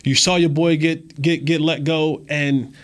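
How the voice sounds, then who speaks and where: A man co-hosting a sports talk show who talks in an animated way, stammering and repeating words. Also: on the high side, unhurried.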